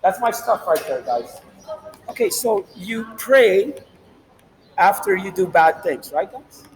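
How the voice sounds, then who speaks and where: A man delivering a rambling, profane, animated monologue as the host of his own channel. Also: sits high, slow, poor audio. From Latin America.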